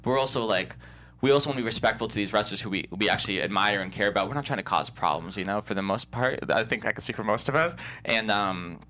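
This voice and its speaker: A man, a comedian, telling a rambling, animated story in casual chat, full of restarts and laughs. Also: fairly low pitch, fast talker. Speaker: comedian guest.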